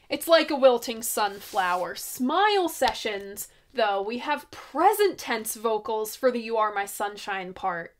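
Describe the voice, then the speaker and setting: A woman hosting her own album review series, chatting casually and expressively with excited asides. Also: high voice.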